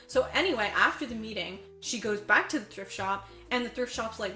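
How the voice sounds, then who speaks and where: A woman retells a movie scene by scene in loose, chatty podcast talk, slipping into the characters' lines as she goes. Her voice is bright and sits fairly high. The room is echoey, with faint music playing underneath. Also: brisk, few pauses. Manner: animated storyteller, acts out quotes, says "like" a lot. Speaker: podcast co-host. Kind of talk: casual chat recapping a movie.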